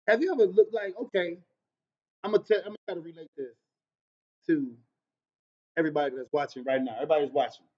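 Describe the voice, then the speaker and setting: A man hosting a podcast, telling stories in a casual monologue with big swings in loudness and pitch, using Black American vernacular. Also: dull audio. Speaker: podcast host.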